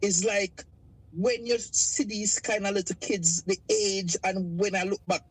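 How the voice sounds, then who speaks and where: A Jamaican woman calling in to a live talk show, telling her story in an emotional, halting way with a stutter. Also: medium pitch, steady tone, slightly rough, no echo, low-quality recording. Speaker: caller. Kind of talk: call-in testimony.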